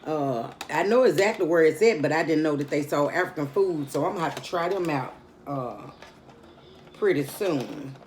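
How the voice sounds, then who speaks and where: Eating for her mukbang vlog, a weary woman talks straight to viewers in a chatty, relaxed manner. She has a low-pitched, animated voice with a darkish tone at a moderate pace, and faint music plays behind her.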